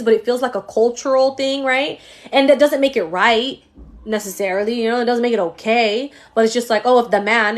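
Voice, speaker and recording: A woman giving a live-stream psychic reading in a casual, slangy way, swearing freely, talking straight to the viewer and letting her feelings show. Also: on the high side. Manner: emotional, laughs often while reading. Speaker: psychic medium.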